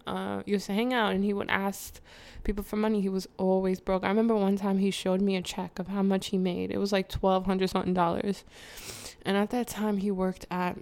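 A woman vlogger with a gravelly, creaky voice, telling a personal story to her viewers. Her pitch sits in a middle range. She talks frankly in slang, laughs often and wanders into side remarks. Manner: chatty, digresses, addresses viewers. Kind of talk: candid storytime.

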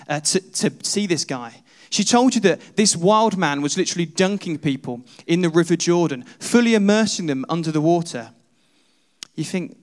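A man preaches to his congregation, walking them through a story as if they were there. His voice sits a little on the high side, and he leans on questions to draw listeners in. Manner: storytelling, second-person, rhetorical questions. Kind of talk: sermon with imaginative retelling.

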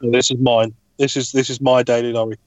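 A man's voice: mid-range voice, little pitch movement, a little fast, dry recording. A man talks bluntly and swears freely during a casual podcast chat. He joins on a video call from his parked lorry cab, and the sound is dull and dry, with no room around it. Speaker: podcast co-host. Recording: dry, muffled call audio.

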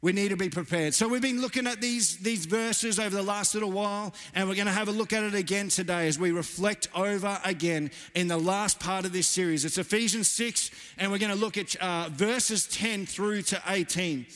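A man's voice: high-pitched, moderate pace, few pauses, fairly bright tone. A man in his thirties preaching a sermon as pastor, earnest and emphatic, repeating key phrases. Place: church. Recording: church hall reverb.

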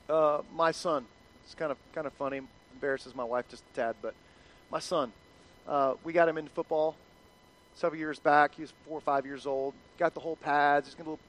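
High-voiced man preaching a lively sermon. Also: poor audio. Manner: animated, conversational preaching with voiced quotes. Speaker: pastor.

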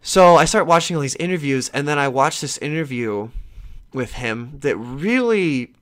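A male podcast host with a slightly high voice, speaking at normal speed, tells a long casual story that rambles, restarts, and includes a little swearing. He grows livelier whenever he retells conversations.

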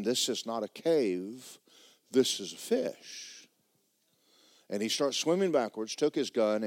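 A man's voice: mid-range voice, a little mellow. A man preaching a sermon in a church, telling stories in a folksy way and reading scripture aloud with rising drama. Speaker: pastor.

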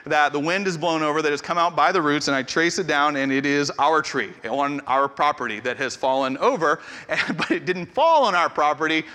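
A man in his forties, a pastor telling a humorous, self-deprecating story in an animated way, in a large hall. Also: fairly high pitch, brisk, hardly any pauses. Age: 40s. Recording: echoey hall reverb.

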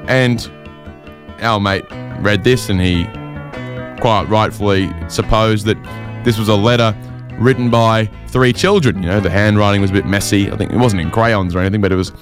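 A man telling a long, wry anecdote in a casual, chatty way, with quick asides and fillers. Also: on the low side, steady tone, over music. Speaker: storyteller.

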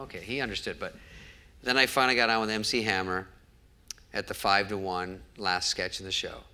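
A man's voice: low voice, pushed and bright, clear, resonant tone. A man telling a show-business anecdote before a live audience and acting out every quoted line of dialogue. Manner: storytelling that acts out each quoted exchange. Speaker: guest comedian. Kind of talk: onstage interview storytelling.

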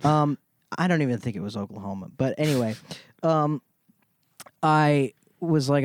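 A man's voice: mid-range voice, normal speed, no room sound. Rambling, laughing man telling a story. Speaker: podcast co-host. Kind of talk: casual chat.

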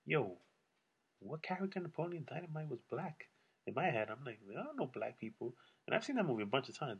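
A man's voice: low-pitched, fairly bright tone, breathy edge, highs cut off. A man talking alone to his audience in a casual, rambling rant, blunt and full of swearing. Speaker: solo vlogger.

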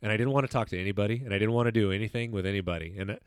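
A man's voice: fairly low pitch, racing, clear, resonant tone, no echo, clean studio sound. A young man co-hosting a podcast, telling a personal story in loose, candid chat full of swearing and restarts. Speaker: podcast co-host.

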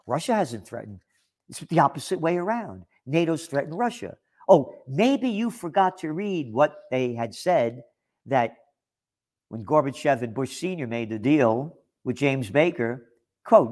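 Indignant sarcastic man with a lively voice. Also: medium pitch, a little slow. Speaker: political commentator. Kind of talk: opinion monologue reading and rebutting articles.

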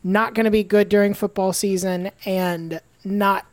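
A woman's voice: medium pitch, fairly even intonation, measured pace, no echo. A woman on a podcast in casual chat, hedging and self-deprecating. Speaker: podcast producer.

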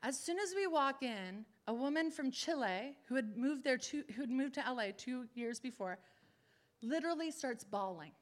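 A woman preacher telling a testimony in a sermon, animated, acting out the people she quotes. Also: sits high, moderate pace.

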